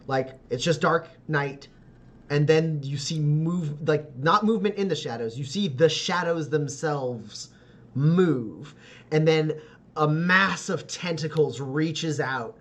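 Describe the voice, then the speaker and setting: A man runs a tabletop role-playing session as game master. His voice sits a little high, and he narrates loosely, stringing scenes together with plenty of "like" and "uh" and breaking into laughter often. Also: slow. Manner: rambling, full of "like" and "uh" fillers, laughs often.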